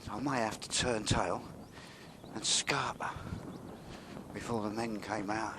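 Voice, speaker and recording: A man's voice: lowish voice, fairly even intonation, unhurried. A man vlogging on a walk by a railway yard, chatty and wry, sometimes dropping to a mutter. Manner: chatty, wry, drops to a mutter when sneaking. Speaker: vlogger walking and filming. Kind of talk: casual walking commentary. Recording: noisy outdoor recording.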